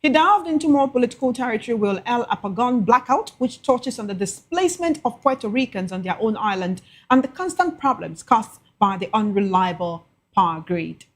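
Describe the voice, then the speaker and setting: A woman reading the midday news in a measured, formal way. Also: mid-range voice. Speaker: news anchor.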